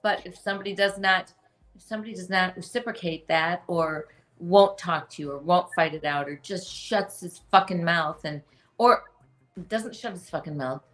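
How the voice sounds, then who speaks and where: A woman, the host's mother, talking casually in a blunt, emphatic way and swearing freely. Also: lowish voice. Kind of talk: casual chat.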